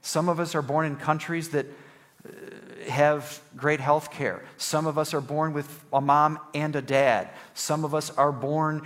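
A man preaching a conversational sermon, often checking in with "right?" and swinging between emphatic, louder passages and soft, low ones. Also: steady tone, unhurried, long reverb tail. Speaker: pastor.

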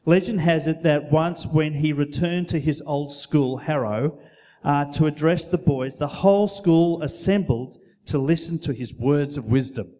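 A man preaching a sermon in a church, earnest and measured, with occasional fillers. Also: a little high, warm tone. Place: church hall.

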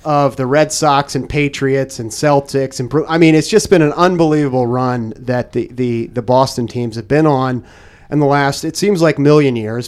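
A man hosting a podcast, asking his guest questions in a halting way with many repeated words. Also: mid-range voice, darkish tone. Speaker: podcast host. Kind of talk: casual interview chat.

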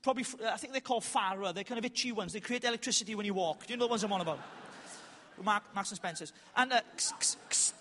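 A man preaching at a conference, telling stories with animated, self-mocking humour, then slowing down for emphatic points. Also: high voice, a little hiss or hum. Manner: animated, self-mocking, loud bursts and slow emphatic lines. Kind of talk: conference sermon with storytelling. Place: large hall with an audience. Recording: reverberant hall.

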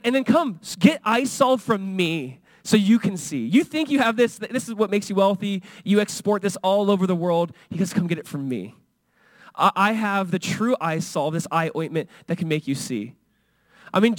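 A man's voice: high voice, dry recording. A male pastor preaching a sermon in an earnest, conversational way, a father who acts out the voices he quotes. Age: young adult or middle-aged, father of a son.

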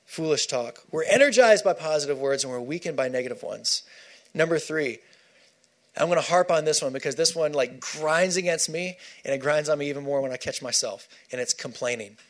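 A man's voice: on the high side, fairly quick. A man preaching a sermon, emphatic and repeating key phrases for stress.

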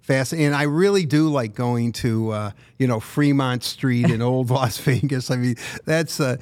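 A man's voice: mid-range voice, measured pace, darkish tone. A man co-hosting a sports podcast, telling long, meandering stories in casual chat. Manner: rambling, meandering storyteller. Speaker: podcast co-host.

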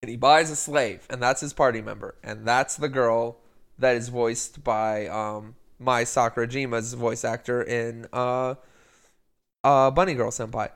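A man's voice: mid-range voice, steady tone, unhurried, fairly bright tone. A man co-hosting a casual podcast, rambling through a plot recap and quoting the characters' lines. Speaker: podcast co-host. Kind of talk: casual chat.

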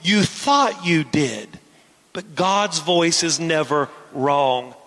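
A pastor preaches to his congregation in a high, bright voice, tossing them questions as he goes. His voice rings through a church with a long reverb tail. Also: lively intonation, very slow. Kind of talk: sermon.

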